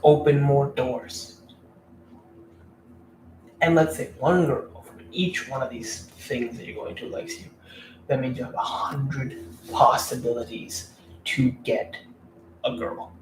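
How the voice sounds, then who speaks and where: A man's voice: medium pitch, steady tone, takes it slowly, long pauses. A man giving blunt dating advice in a casual, rambling, profane rant to camera. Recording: roomy room, mic at a distance, faint background noise.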